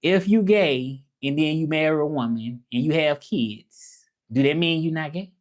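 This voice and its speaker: This livestreamer and language teacher speaks with a fairly high pitch at a normal speed. He has a Southern US accent and keeps things casual, reading out viewer comments and addressing the audience head-on.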